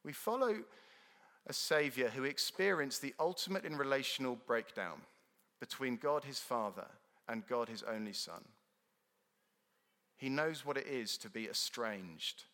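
An earnest man delivers a sermon with a bright, forceful tone. His voice rises to emphatic declarations and drops to hushed words. The long reverb of a large church hall trails behind him. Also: medium pitch, lively intonation, unhurried. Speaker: preacher.

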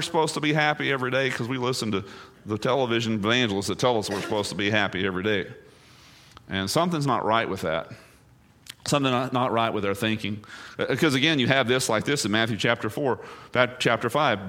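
A man, a pastor, preaching a sermon full of rhetorical questions, swinging between hushed, low passages and emphatic, raised ones. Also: fast talker.

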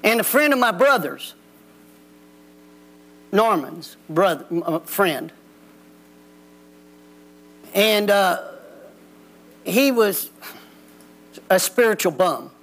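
Man preaching, high lively voice with gravel, folksy and blunt. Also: slow pace, pauses often. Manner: preachy, folksy, plain-spoken. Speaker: pastor. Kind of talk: sermon. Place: church sanctuary.

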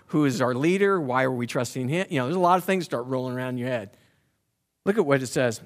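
A man preaching a sermon with a pitch sitting in the ordinary middle range. He talks in a loose, conversational way, then builds up to emphatic, insistent preaching. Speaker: pastor.

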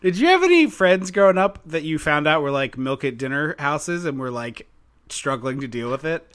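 A man co-hosting a podcast in casual chat, chatty and quick to laugh as he retells things. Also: fairly high pitch, expressive, a bit bright, clear, resonant tone. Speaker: podcast co-host.

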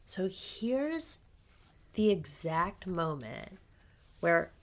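A woman joins a podcast as a guest, with a somewhat low voice. She chimes in with short, dry remarks during a casual film recap. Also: sing-song, very slow. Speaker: guest co-host.

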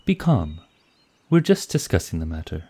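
A man doing a calm, wry companion. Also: low voice, normal speed, husky, exaggerated voice. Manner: calm, dry.

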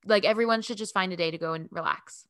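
Bubbly woman podcast co-host. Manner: bubbly, laughs often, quick pitch jumps when excited. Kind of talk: casual chat. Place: home, remote call.

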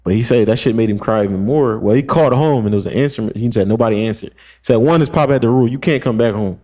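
A man's voice: mid-range voice, fast, dark tone. A young man on a podcast, telling a long story in casual slang, acting out quotes and using lots of fillers. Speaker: podcast co-host.

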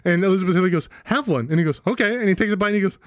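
Brief: lively young-sounding man, slightly higher voice, dry close mic, playful movie-podcast banter. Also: rapid-fire, no room sound. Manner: animated retelling, acting out lines, swearing, laughing. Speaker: podcast co-host. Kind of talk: casual movie recap chat.

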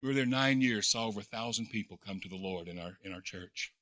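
A man, a pastor, preaching a sermon in a folksy storytelling way, full of repeated words and fillers, moving between quiet reflection and loud, excited preaching. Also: fairly low pitch, fast talker, no room sound, clean studio sound.

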